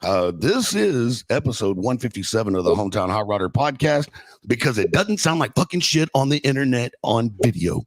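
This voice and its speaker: A man's voice: mid-range voice, very animated, normal speed, no room sound. A man hosting a casual podcast, joking loosely and swearing freely. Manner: loose, profane banter. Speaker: podcast host.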